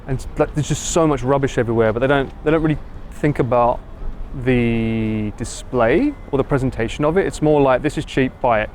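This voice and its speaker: A livestream host from England with an Essex accent walks along a city street, chatting casually with viewers and reading and answering their comments. His middle-pitched voice is a little fast and a little mellow, with faint street and traffic noise in the background.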